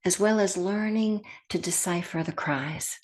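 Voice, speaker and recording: A woman giving a meditation talk as a teacher, speaking gently and softly and sometimes dropping to a whisper. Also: fairly low pitch, measured pace. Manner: gentle and soft-spoken, with hushed whispered phrases.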